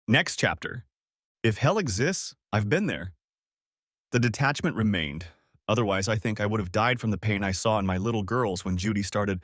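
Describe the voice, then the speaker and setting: A man reads a first-person story aloud in a measured, steady way. His pitch moves a lot through each sentence, and the recording is close and dry with no room sound. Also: dry recording. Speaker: story narrator.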